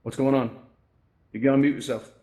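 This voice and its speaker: A man's warm, mid-range voice, fairly even in intonation and a little fast, carries a casual presentation hosting a virtual reality tutorial event. Speaking into a headset mic, he keeps adding "right?" and "you know".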